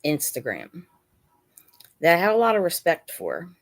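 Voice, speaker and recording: A woman's voice: fairly low pitch, wildly swooping pitch, normal speed, creaky. A woman hosting a casual live chat from her bed at home, emotional and close to tears. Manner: talks to her pets mid-stream. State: dry mouth. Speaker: channel host.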